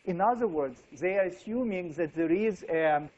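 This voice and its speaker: A man's voice: high voice, moderate pace, a little mellow, muffled recording. A man giving a university physics lecture, thinking aloud with frequent fillers and restarts.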